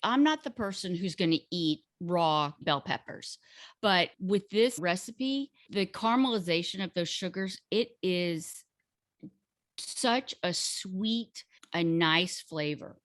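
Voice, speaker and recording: A woman in casual chat, explaining a home recipe step by step in an unhurried, hesitant way with many fillers. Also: lowish voice, expressive, no echo, clean studio sound. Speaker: guest cook sharing a recipe.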